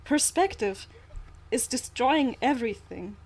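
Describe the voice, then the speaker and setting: A woman's voice: a little high, expressive, a little slow, a little hiss or hum. A woman co-hosting a casual art podcast, giving earnest, emphatic advice. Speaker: podcast co-host, artist. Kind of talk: casual chat.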